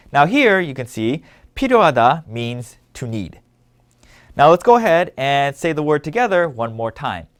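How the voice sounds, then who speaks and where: A language teacher runs a scripted lesson in a slightly high voice with lots of pitch movement. He explains every word clearly and patiently and repeatedly asks listeners to read along and repeat after him.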